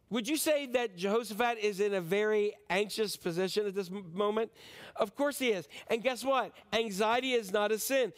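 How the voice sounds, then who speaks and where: A pastor giving a conversational sermon, asking the congregation questions and acting out pleading prayers. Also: male voice. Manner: acts out frantic prayers in a higher, pleading voice.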